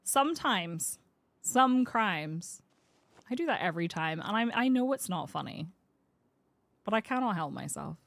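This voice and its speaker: A woman with a Northern Irish accent chats away to her stream while she plays, self-mocking and easily amused. Her pitch swoops up and down with lively energy. She talks at a middling pitch, like a relaxed live-streamer. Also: a little slow, creaky, long pauses, no room sound. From Northern Ireland. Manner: chatty and self-mocking, answers chat, laughs often. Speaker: game streamer. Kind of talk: casual live-stream chat while playing.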